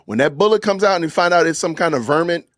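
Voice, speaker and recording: A man's voice: fairly high pitch, animated, quick pace, dry recording, studio quality. A man hosting a live podcast, reacting to clips with laughter and disbelief. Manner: laughing, incredulous, exclamatory. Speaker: podcast host. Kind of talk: live-stream reaction commentary.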